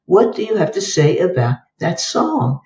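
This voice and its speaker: An older woman guest tells case stories and acts out both sides of each exchange in a lively way. Her voice is warm and dark. It sounds dull and roomy, as if she sat back from the microphone. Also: lowish voice, measured pace, far from the mic, a little hiss or hum. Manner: lively storyteller who acts out the dialogue. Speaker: guest psychologist. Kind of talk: telling case stories in an interview.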